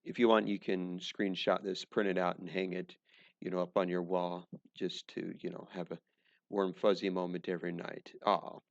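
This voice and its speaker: A male teacher talks through a recorded language lesson in a very gravelly, fry-heavy voice, with dry joking asides along the way. The recording sounds dull and lo-fi. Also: low-pitched, little pitch movement, normal speed.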